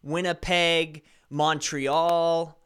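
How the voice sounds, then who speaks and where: A man's voice: fairly high pitch, little pitch movement, extremely slow, fairly bright tone, smooth. A man from Colorado with a slight Colorado accent, hosting a live stream and chatting casually with viewers in a rambling, self-correcting way. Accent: slight Colorado American. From Colorado, USA. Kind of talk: casual chat answering viewer chat.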